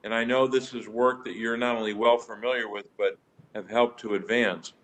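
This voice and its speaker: A man, a senator joining a hearing remotely, making measured formal remarks and questions with small restarts. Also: mid-range voice, fairly even intonation, a bit bright, poor audio. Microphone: joining remotely over the web.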